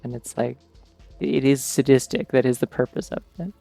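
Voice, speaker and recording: Over faint game music, a streamer chats casually, wandering off on tangents and saying "like" a lot. He speaks at normal speed in a dark, creaky mid-range voice, recorded dry.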